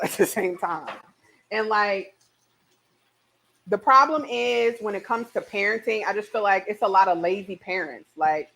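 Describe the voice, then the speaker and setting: A woman's voice: medium pitch, fairly bright tone. A woman hosting a casual cooking show, bubbly and exclamatory, chatting straight to her viewers as she cooks.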